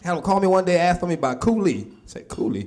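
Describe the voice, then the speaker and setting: A man's voice: high-pitched, fast talker, darkish tone. A middle-aged man doing a stand-up routine in a loose, conversational way, full of asides to the crowd. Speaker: stand-up comedian.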